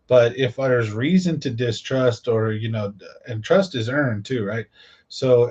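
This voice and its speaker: A man's voice: medium pitch, darkish tone. Middle-aged male host, rambling casual monologue, muffled lo-fi recording. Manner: rambling, filler-heavy, repeats "right?".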